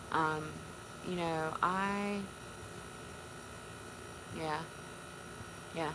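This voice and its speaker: A woman from North Carolina, chatting tearfully on a live stream, halting and repeating her words. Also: low-pitched. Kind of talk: emotional live-stream chat. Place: on a porch. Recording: noisy background.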